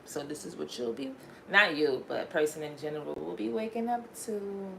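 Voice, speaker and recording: A woman's voice: on the low side, expressive, creaky. Livestream host, woman, New York accent, just woke up; loose, rambling chat over faint background noise. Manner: rambling, chatty, drawn-out fillers.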